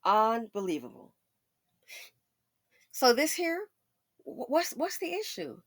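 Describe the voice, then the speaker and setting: A woman's voice: very high-pitched, animated, unhurried, no echo, clean studio sound. A woman giving sassy, emphatic, opinionated celebrity commentary. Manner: sassy, emphatic, mocking asides. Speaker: commentary channel host.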